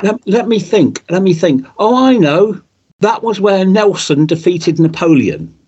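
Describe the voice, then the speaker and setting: A man's voice: sits high, very animated, a little mellow, husky, lo-fi sound, pitched above the performer's own voice, exaggerated voice. A man quoting a puzzled, muddled adult father who halts while searching for an answer. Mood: pondering. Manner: halting, searching for a half-remembered answer.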